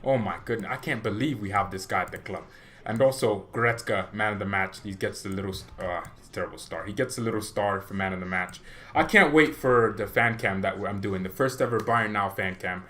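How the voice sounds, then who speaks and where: A young man hosting a fan channel, giving a casual, opinionated match reaction that rambles with restarts and excited bursts. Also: lowish voice, fairly quick. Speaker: football fan channel host.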